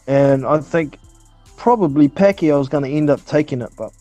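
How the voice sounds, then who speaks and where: A man's voice: fairly high pitch, moderate pace, mellow, faint music behind. A man chatting casually about fights as a panelist, blunt and swearing freely, with hesitant fillers. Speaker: podcast panelist. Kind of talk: casual boxing chat.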